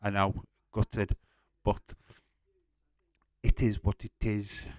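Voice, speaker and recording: A man's voice: fairly low pitch, flat delivery, slow, darkish tone, no echo. A man hosting a live stream, chatting casually and bluntly with viewers, swearing now and then. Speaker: livestream host. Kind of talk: casual live chat reading out viewer comments.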